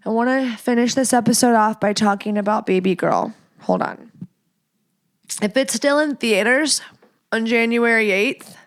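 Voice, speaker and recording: A young adult woman hosting a candid solo podcast, frank and playful, with whispered asides and sudden high squeals. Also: normal speed. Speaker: podcast host.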